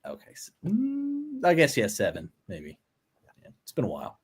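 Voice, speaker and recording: A man's voice: low voice, big pitch swings, a little fast, breathy edge. Playful young man on a podcast. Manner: playful, boastful, cheering. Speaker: co-host. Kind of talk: casual podcast banter.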